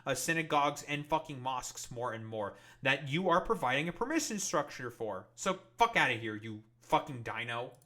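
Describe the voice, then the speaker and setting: A man's voice: mid-range voice, animated, normal speed, hardly any pauses, pushed and bright. A man giving angry, profane reaction commentary on political clips, full of fillers and curses. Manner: angry, swearing, many fillers. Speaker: political streamer.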